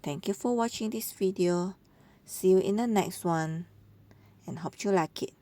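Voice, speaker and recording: A woman's voice: lowish voice, a little slow, mellow. A woman narrating a voice-over for an animal compilation, gushing and cooing over how cute the animals are. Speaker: channel narrator.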